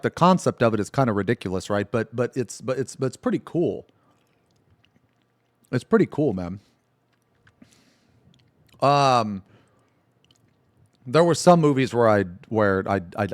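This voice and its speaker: Low-voiced guy streaming, rambling and cussing, dry close mic sound. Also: no room sound. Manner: rambling, laughing, swears a lot. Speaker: livestreamer. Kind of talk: casual livestream chat.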